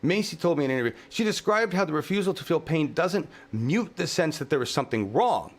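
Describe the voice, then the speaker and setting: A man hosting his own channel, delivering an impassioned, profane rant outdoors in his yard, swinging between grief and shouting. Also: on the high side, lively intonation, brisk. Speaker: channel host.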